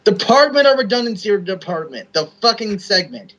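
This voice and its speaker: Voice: medium pitch, sing-song, fairly quick, a bit bright, muffled recording. A co-host in casual podcast chat, mocking and swearing.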